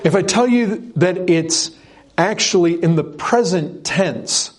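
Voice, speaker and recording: Husky-voiced man preaching a sermon. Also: high voice, animated, slow pace. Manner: earnest, emphatic, repeats words for stress.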